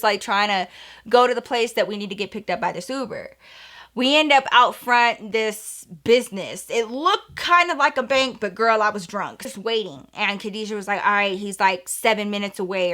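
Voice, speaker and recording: A young woman telling a storytime vlog in a chatty, animated way, often calling viewers "girl". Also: a little high. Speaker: vlogger.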